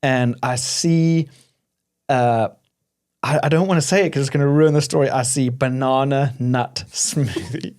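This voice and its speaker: A man's voice: medium pitch, a little slow, darkish tone. Laid-back South African man. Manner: storytelling, self-mocking, laughs often. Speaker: podcast co-host. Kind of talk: casual chat.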